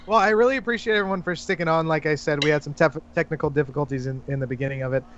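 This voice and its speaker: A man's voice: a little high, very fast, a bit bright, muffled recording, slight background noise. A man hosting a casual podcast, telling puns and laughing at his own jokes. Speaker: podcast host. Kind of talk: casual chat.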